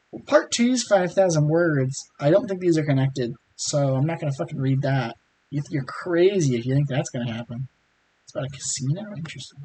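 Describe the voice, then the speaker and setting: A hoarse man casually reading fan fiction aloud and commenting, rambling and swearing freely. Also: on the high side, warm tone, slight background noise, rough recording.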